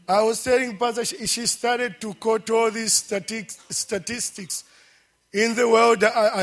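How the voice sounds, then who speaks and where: A middle-aged man in a church service gives a heartfelt testimony, his voice sitting a bit higher than most men's. He speaks slowly and haltingly, full of feeling, and keeps breaking into fervent praise. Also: fairly bright tone. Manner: emotional, slow and halting. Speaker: church member giving testimony. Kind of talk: emotional church testimony and prayer.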